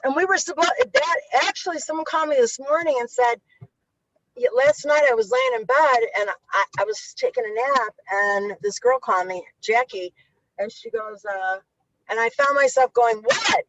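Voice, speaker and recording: A woman's voice: on the high side, lively intonation, normal speed, a bit bright, no room sound, muffled recording. A middle-aged woman telling stories in an interview, swearing freely and acting out the voices of people she quotes. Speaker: guest, violence interrupter. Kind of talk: animated storytelling interview.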